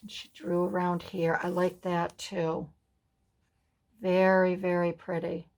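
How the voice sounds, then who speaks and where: A woman from the USA hosting a casual craft flip-through, softly gushing over each page. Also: on the low side, little pitch movement, slow. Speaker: craft vlogger.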